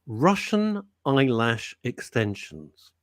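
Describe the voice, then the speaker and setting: A man's voice: mid-range voice, very animated, slow pace, dry recording, clean studio sound. A man hosting a live radio show, rambling and joking as he greets listeners. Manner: rambling, jokey, reads out listener messages. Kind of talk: chatty live radio banter.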